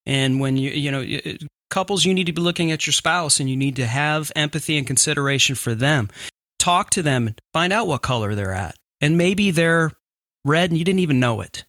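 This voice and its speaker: A man co-hosting a faith-based couples podcast, hesitant with fillers in thought and lively when signing off. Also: on the high side, moderate pace, no room sound, studio quality. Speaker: podcast co-host.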